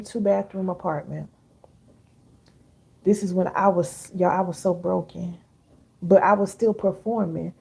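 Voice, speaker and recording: A middle-aged woman hosting a casual live stream, chatty and warm with viewers, reading their comments aloud. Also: medium pitch, creaky, breathy edge. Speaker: live-stream host and healing coach.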